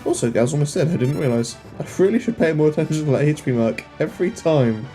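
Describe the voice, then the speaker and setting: Rambling young man, mellow voice. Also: a little high, expressive, fast talker. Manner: rambling, self-deprecating, joking at the screen. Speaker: let's play host. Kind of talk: casual gameplay commentary. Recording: faint game music behind.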